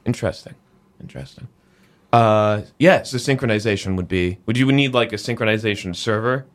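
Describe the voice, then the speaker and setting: A man's voice: lowish voice, fairly quick. A man hosting a casual tech talk show, talkative and opinionated. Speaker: podcast host.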